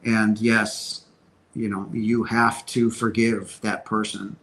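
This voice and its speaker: A man's voice: fairly low pitch, little pitch movement, slow, fairly bright tone, rough recording. Earnest man answering viewer questions. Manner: earnest, emphatic spiritual talk with many restarts. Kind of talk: casual Q&A livestream.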